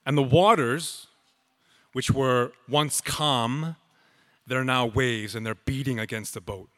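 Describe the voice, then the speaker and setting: A man preaching a sermon as pastor, slow and emphatic with dramatic pauses. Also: mid-range voice, a bit bright, long reverb tail.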